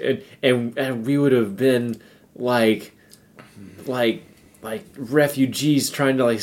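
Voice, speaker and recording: A man's voice: mid-range voice, a little mellow. Rambling, laughing male podcast co-host. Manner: rambling storyteller, lots of fillers, laughs often. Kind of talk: casual podcast chat. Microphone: podcast recorder.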